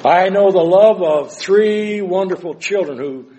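An older man preaching a sermon, moving between hushed, slow passages and loud, dramatic cries. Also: high voice.

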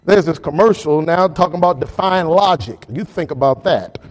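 A man delivers a sermon with animated energy. His voice sits high and moves widely up and down. He addresses the congregation directly. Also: normal speed, poor audio. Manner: animated preaching, talks straight to the congregation. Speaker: pastor.

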